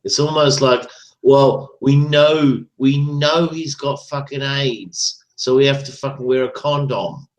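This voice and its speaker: On a low-quality recording, a male caller to an online talk show rants and swears in casual chat, repeatedly adding "right?" to his points. His voice is mid-range, with a steady tone and measured pace.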